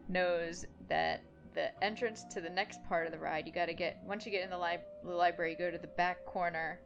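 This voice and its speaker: A woman's voice: fairly low pitch, fairly even intonation, a little fast, lo-fi sound, over music. A woman in a casual chat, enthusiastic and rambling, restarting her sentences. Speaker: podcast co-host.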